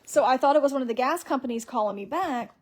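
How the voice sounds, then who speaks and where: A woman's voice: high voice, animated, fast. Chatty woman rambling on a live stream. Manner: rambling, chatty, reads viewer comments aloud. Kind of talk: casual live stream chat.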